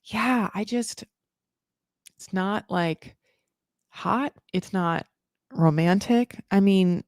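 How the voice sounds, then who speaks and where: A woman at a middle pitch does a casual reality TV recap in a sarcastic, rambling way, with plenty of swearing and "like"s. The sound is dry and close, with no room echo. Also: drawn-out words. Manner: sarcastic, rambling, profane, lots of "like". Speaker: host of a reality TV recap channel. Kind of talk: casual live recap commentary.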